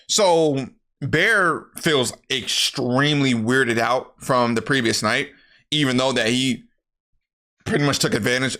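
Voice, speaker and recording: A young man casually recapping a movie plot to his viewers, animated and profane, jumping into the characters' lines as he goes. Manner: animated, profane, acts out characters' lines in jumpy higher voices.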